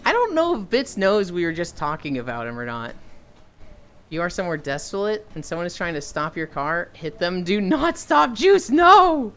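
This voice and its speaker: A woman's voice: on the low side, sing-song, brisk, clean tone, faint music behind. A woman streamer chatting with viewers, telling stories, swearing freely and acting out the people in them. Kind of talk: casual chat with viewers.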